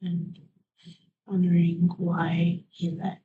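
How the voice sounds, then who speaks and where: Soft-spoken, mellow-voiced woman streamer. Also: fairly low pitch, steady tone, measured pace, pauses often, slightly rough, rough recording. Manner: soft, half-whispered, trailing off. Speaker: live streamer. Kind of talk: rambling live-stream narration.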